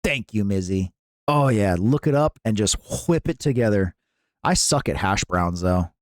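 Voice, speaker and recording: A man's voice: on the low side, lively intonation, normal speed, dry recording, clean studio sound. A man hosting a live stream, chatting casually with viewers in a playful, jokey way and often laughing.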